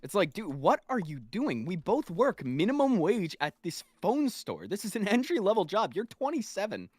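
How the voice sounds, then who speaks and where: A man's voice: high voice, huge pitch swings, moderate pace, darkish tone, breathy edge, no echo. A man in his twenties, swearing freely as he tells an exasperated story in a casual chat while gaming. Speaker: streamer's guest.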